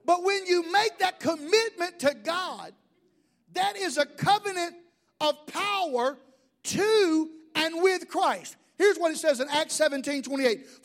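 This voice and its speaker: A man's voice: very high voice, lively intonation, a little slow, fairly bright tone. A middle-aged man preaching a sermon as pastor, folksy and joking, asking the crowd questions.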